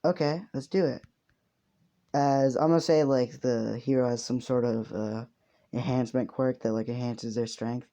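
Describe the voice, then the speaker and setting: Young man rambling through a story, mellow voice. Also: medium pitch, steady tone, moderate pace. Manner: rambling, heavy swearing. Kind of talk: casual improvised storytelling.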